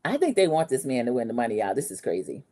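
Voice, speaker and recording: Speaking fast with an extremely low pitch, this recap show host is a woman in her 40s giving casual commentary on a TV episode. She's chatty and sassy, imitating the cast in animated voices as she gossips.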